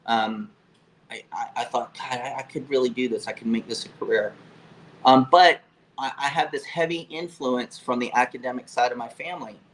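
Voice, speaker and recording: A man in his fifties from Florida, telling stories as an interview guest in a casual, profane, animated way with frequent fillers. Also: mid-range voice, moderate pace, slight background noise, rough recording. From Florida, USA. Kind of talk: casual storytelling.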